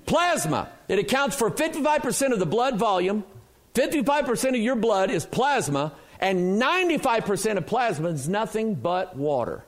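A man with a high-pitched voice preaching in a church. He fires questions at the congregation and answers them himself, with strong emphasis. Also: big pitch swings, moderate pace. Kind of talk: sermon.

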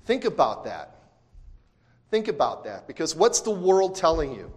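A male pastor preaching a sermon, talking in a conversational way with asides and restarts, then swinging from quiet to loud emphasis. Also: on the high side, big pitch swings, moderate pace. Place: church sanctuary. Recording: long church hall reverb.

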